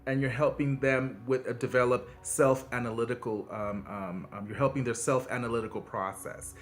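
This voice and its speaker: Over soft background music, a man speaks at normal speed with fairly even intonation, though he makes emphatic pitch swings, as he hosts a parenting-advice video. His monologue is casual and earnest, encouraging and conversational, with frequent fillers and restarts.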